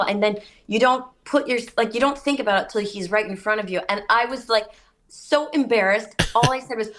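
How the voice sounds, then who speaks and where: A woman, a state senator, chatting as a guest on a radio show and telling stories in an animated way. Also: a little high, fairly quick, slight background noise. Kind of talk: casual radio interview.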